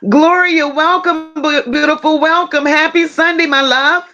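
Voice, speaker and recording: A woman's voice: high voice, fairly even intonation, a little slow, bright, forceful tone. A woman hosting a livestream, greeting her viewers one by one with pet names like baby and boo. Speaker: livestream commentary host. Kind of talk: casual livestream chat. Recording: dull lo-fi livestream audio.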